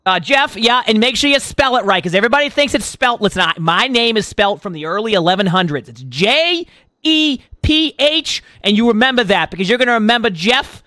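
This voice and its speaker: A man's voice: sits high, fast, hardly any pauses, bright, forceful tone, dry recording. A man voicing a brash, touchy tenant in an improvised game role-play, using a wobbly, partly British accent. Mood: pompous. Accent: wobbly put-on accent, partly British. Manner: blustery, fussy about how his name is spelled. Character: brash, touchy male city tenant Jeff.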